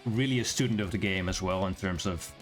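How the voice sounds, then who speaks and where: A man's voice: low voice, brisk, soft background music. A man co-hosting a game league stream, talking casually and rambling with frequent self-corrections. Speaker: league organizer and co-host.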